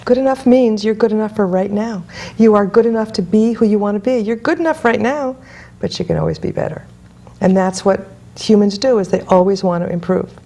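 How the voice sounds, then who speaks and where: A woman's voice: medium pitch, animated, brisk, mellow. A woman guest hypnotist in an interview, telling client stories bluntly and emphatically. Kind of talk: interview storytelling.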